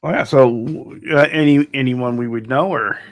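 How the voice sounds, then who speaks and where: A man hosting a casual chat, reacting warmly with short replies and reading out viewer comments. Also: mid-range voice, moderate pace. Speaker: host.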